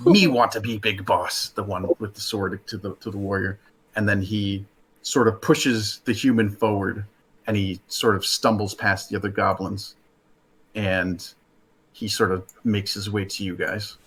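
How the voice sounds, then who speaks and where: A man narrating as game master, halting with fillers as he explains rulings. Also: fairly low pitch, level tone, a bit bright, breathy edge.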